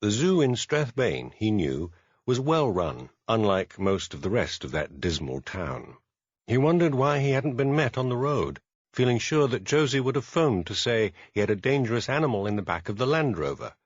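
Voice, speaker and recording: Expressive male audiobook narrator. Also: medium pitch, normal speed, no room sound, dull audio. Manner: expressive storytelling. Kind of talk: scripted narration.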